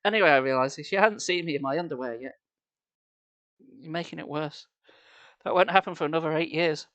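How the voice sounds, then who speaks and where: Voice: mid-range voice, a little fast, fairly bright tone, dull audio. A streamer reading a children's horror book live on stream, dry and sarcastic, speaking into a headset.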